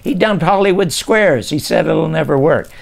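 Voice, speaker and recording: A man's voice: on the high side, expressive, normal speed, creaky. An older man in a casual interview, telling stories about his past and animatedly acting out old conversations. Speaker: interview guest recounting his TV career.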